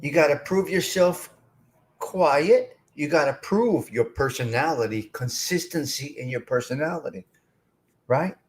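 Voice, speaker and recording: A middle-aged man hosts a live stream in a blunt, streetwise way. His voice sits a little high for a man. He talks straight to his chat as if they were at the table with him. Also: lively intonation, unhurried. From North Jersey. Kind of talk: casual live chat reading comments.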